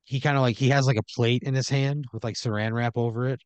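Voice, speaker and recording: A man improvising a comedy story on a podcast, halting with fillers and restarts and slipping into quick character voices. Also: mid-range voice, fairly even intonation, clear, resonant tone, no room sound, highs cut off. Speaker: podcast host telling an improvised scenario.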